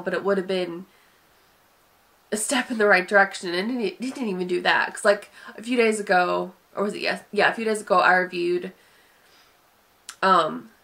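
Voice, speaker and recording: Her medium-pitched voice has a sharp tone as she sniffles through allergies in a loose, hesitant film review. The Southern US speaker sighs often, drifts between points and leans on fillers.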